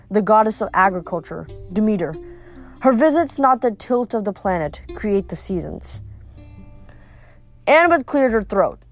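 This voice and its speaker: Woman reading a novel aloud. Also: mid-range voice. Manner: steady first-person narration. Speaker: reader.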